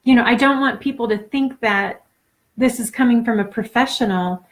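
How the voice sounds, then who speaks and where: A woman in her forties talking off the cuff to a camera, halting and earnest, close to tears, with many fillers and restarts. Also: on the high side. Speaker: vlogger. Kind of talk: unscripted personal talk to camera.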